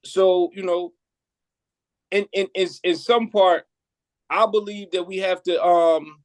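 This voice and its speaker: A man with a slightly high voice talks in a casual podcast chat. His delivery is relaxed and loose, with many filler checks. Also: slow pace. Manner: relaxed, leans on "you know what I mean".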